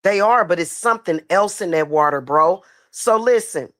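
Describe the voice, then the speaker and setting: Woman streamer, casual storytelling, swears a lot, animated, dry close sound. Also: on the low side, moderate pace, dry recording. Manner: profane, animated, addresses viewers as y'all. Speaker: spiritual livestream host.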